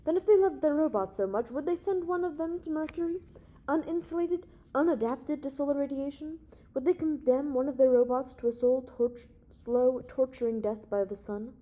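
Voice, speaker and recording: A woman reading the part of a young male space hero who lays out his case in a calm, authoritative, reasoning way. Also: high-pitched, moderate pace, pitched above the performer's own voice, lightly acted. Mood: confident, reasoning.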